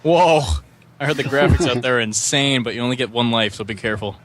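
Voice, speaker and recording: Male podcast guest, mid-pitched, sarcastic, animated storyteller. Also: fast talker, slight background noise. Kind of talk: casual chat.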